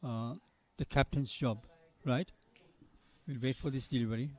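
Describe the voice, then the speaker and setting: A man's voice: medium pitch, steady tone, moderate pace, darkish tone. An older man from Sri Lanka, commentating live cricket and telling long chatty anecdotes between balls. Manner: chatty storyteller, drifts between anecdotes and play calls.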